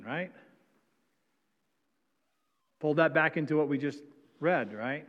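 A man's voice: fairly high pitch, slow, a bit bright. A male pastor preaching a sermon, reading scripture aloud and then explaining it with frequent "right?" tags. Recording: dull sound with long hall reverb.

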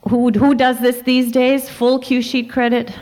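A female composer speaking on a panel, chatty and quick to chime in. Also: a little high, little pitch movement, a little mellow, in a large hall. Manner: chatty, interjecting. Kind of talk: panel talk.

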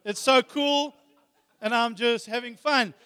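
A man voicing a carefree pet fish in a bowl, relaxed and chuckling. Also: very high-pitched, measured pace, clear, resonant tone, exaggerated voice. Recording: long hall reverb.

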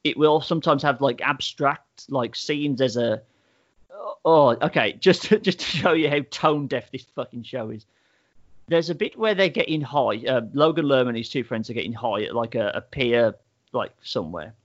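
A man's voice: medium pitch, expressive, moderate pace. Rambling man recapping a show, lo-fi. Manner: rambling storyteller, many "like" fillers, swears freely. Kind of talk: casual chat, reviewing a TV show.

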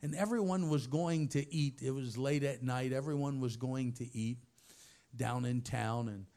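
An older man preaching a sermon full of stories, dropping soft and low, then rising into loud, high exclamations. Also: a little slow. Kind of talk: sermon with storytelling.

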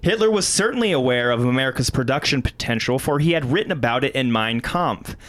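A man's voice: mid-range voice, lively intonation, quick pace, fairly bright tone. A man with an Ohio accent co-hosting a podcast, reading history notes aloud. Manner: reads history aloud, breaks into laughs. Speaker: podcast co-host.

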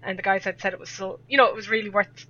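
A woman's voice: medium pitch, fairly even intonation, quick pace, bright, forceful tone. A young Irish woman telling a rambling story in casual chat, laughing often as a podcast guest. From Ireland. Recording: dull lo-fi audio.

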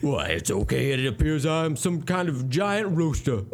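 A man voicing a pompous, old-fashioned Southern gentleman with grand, overly polite phrasing. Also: fairly high pitch, big pitch swings, a little slow, voice pushed up, full character voice. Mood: grandly genteel.

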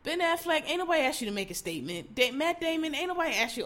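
Blunt, sharp-voiced woman ranting. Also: sits high, very animated, fast talker, few pauses. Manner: blunt, profane and exasperated; mocks others in put-on voices. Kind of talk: casual commentary rant.

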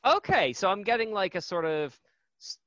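A man's voice: high voice, very animated, normal speed, a bit bright, dry recording. A man hosting a podcast, asking upbeat questions and laughing easily in casual chat. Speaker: podcast host. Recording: dull lo-fi sound.

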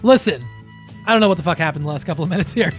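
A man hosting a podcast in casual chat, loud and joking, swearing often, his voice jumping up when excited. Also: on the high side, racing, soft background music. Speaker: podcast host.

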